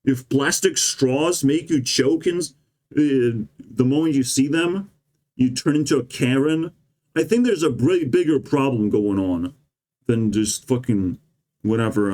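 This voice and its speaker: A man's voice: medium pitch, a little slow, a little mellow. A man delivering a rambling, profane and sarcastic monologue as a vlogger. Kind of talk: ranting monologue.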